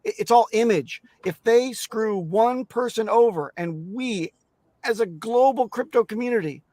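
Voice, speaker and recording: A man's voice: high voice, measured pace, a little mellow, no room sound, studio quality. Blunt, emphatic man talking crypto security. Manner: emphatic, blunt, swears, many restarts. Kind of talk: casual interview talk.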